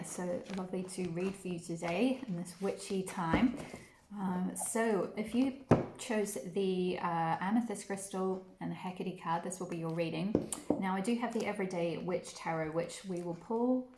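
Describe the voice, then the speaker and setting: A woman giving a pick-a-card tarot reading, talking gently and rambling with many fillers and addressing the viewer fondly. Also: lowish voice, roomy sound, noisy background. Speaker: tarot reader.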